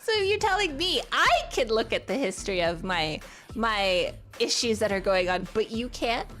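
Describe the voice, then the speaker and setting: A woman's voice: fairly high pitch, big pitch swings, normal speed, fairly bright tone, faint music behind. A woman streaming live in casual chat, greeting her viewers, laughing and swearing freely. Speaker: VTuber streamer.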